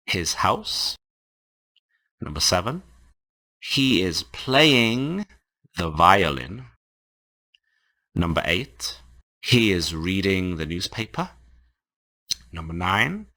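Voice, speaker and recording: Male English teacher for an online lesson, unhurried and clearly enunciated, with a bright, lively lower voice. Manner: slow, carefully enunciated classroom reading. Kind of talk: online lecture for language learners.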